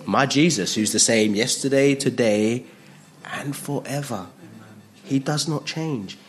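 A man preaching a sermon in a jokey, animated way, acting out voices with big jumps in pitch. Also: a little slow.

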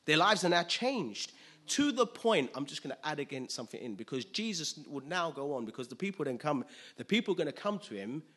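A man delivers a loose, conversational sermon, frequently checking that his listeners are following. His voice is husky yet forceful and bright, a little high and a little fast, with big swings in pitch. He laughs often while speaking.

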